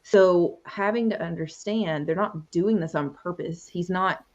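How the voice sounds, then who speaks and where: Earnest woman coach telling her story, low-ish voice, muffled lo-fi recording. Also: unhurried, a little mellow. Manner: earnest, reflective, often quotes past conversations. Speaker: conversation coach, interview guest. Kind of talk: personal storytelling in an interview. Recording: muffled lo-fi audio.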